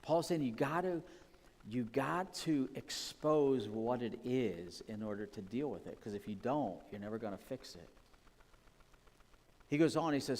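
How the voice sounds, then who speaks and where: Man, preacher, conversational, mid pitch, reverberant sanctuary. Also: moderate pace, a little mellow. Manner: conversational, personal and full of asides. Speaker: pastor. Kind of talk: sermon. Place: church sanctuary. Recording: long church reverb.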